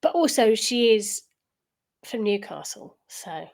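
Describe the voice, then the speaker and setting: A woman's voice: a little high, animated, a little slow. A woman with a southern English accent, co-hosting a podcast in giggly, chatty conversation. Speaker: podcast co-host. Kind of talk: casual chat.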